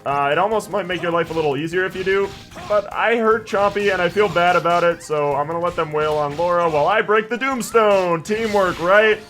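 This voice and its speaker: A man's voice: sits high, a little fast, a bit bright. A young man hosting a let's play, chatting in a rambling, jokey way and reading game dialogue aloud. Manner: rambling, jokey, reads game text in voices. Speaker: gaming channel host. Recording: faint background game music.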